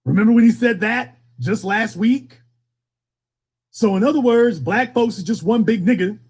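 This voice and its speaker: A man's voice: sits high, normal speed, a little mellow, breathy edge. A man hosting a political call-in show, talking in a fiery, emphatic way and hammering his points home with repetition.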